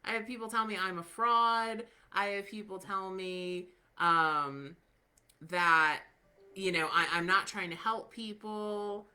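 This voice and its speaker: Bright, chatty woman podcast host. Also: medium pitch, fairly even intonation, slow pace. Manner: chatty, filler-heavy, candid and encouraging. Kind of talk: casual podcast chat.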